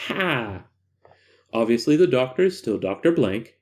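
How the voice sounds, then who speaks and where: A man's voice: medium pitch, very animated, unhurried, a little mellow. A man reading an eerie case file aloud and breaking off for joking, casual asides. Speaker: narrator and host.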